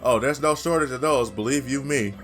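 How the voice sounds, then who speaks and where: A man's voice: medium pitch, fairly quick, a bit bright, faint music behind, close to an everyday voice. A man voicing a hearty, jovial army sergeant in a game playthrough.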